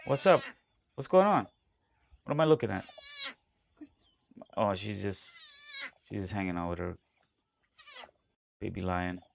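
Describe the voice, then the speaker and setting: A man with an American accent giving casual, chatty reaction commentary, excitable and quick to laugh, with plenty of fillers. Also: deep voice, gravelly, slight background noise. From USA, South America and the Caribbean. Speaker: reaction video host.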